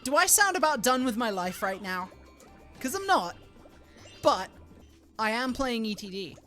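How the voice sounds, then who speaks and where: Young woman, live streamer, casual chat, cusses a lot, excited squeals, faint music behind. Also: on the high side, measured pace. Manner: swears often, loud excited squeals when thanking donors.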